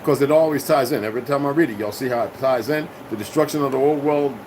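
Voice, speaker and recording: A man's voice: medium pitch, fast talker, a little mellow, slight background noise. A man hosting his own channel, talking in a casual, rambling livestream monologue full of profanity and confrontation. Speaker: channel host.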